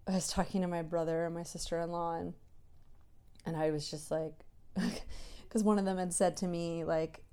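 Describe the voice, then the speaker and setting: A tired, tearful woman speaking in a soft, halting way in a reflective personal voice diary, sometimes dropping into a whisper, then chatting with lots of fillers. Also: on the low side, level tone, clean tone. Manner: chatty storytelling with many fillers. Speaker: creator sharing a personal diary recording.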